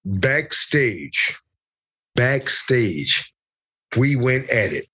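A man's voice: mid-range voice, very animated, drawn-out words, sharp tone, husky. A man telling a fight story as an interview guest over a video call, profane and joking, acting out other people's lines. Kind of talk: animated storytelling.

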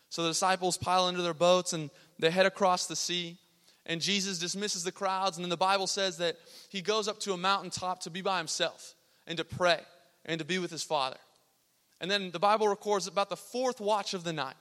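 Young man, youth sermon, high bright voice, laid-back slang, long hall echo. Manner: casual slangy storytelling, acting out quotes. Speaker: youth pastor. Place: large hall with a youth congregation.

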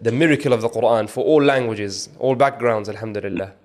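A podcast host with a voice on the low side talks fast while interviewing a caller. He's warm, often breaking into repeated religious blessings and hesitantly restarting his sentences.

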